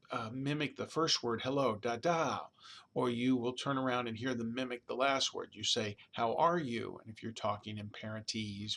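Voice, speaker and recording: A man's voice: medium pitch, gravelly, a bit bright. A man giving a recorded college lecture in a conversational way, often checking in with "all right?" and "okay?", sometimes imitating baby babble. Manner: demonstrates baby babbling sounds.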